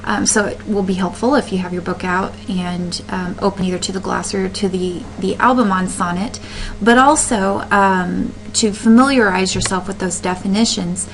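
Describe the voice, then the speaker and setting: A woman's voice: mid-range voice, steady tone, normal speed, rough recording. Woman teacher explaining a lesson. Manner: explanatory, with fillers and self-corrections. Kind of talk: recorded classroom lesson.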